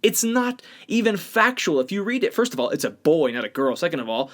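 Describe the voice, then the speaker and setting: A man's voice: fairly high pitch, big pitch swings, brisk, fairly bright tone. Blunt, opinionated male podcast co-host. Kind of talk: casual podcast discussion.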